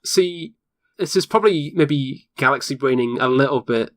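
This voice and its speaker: A man's voice: medium pitch, animated, normal speed, no echo. Man chatting eagerly, dry close sound. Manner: enthusiastic, explains at length. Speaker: podcast co-host. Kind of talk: casual chat about a video game.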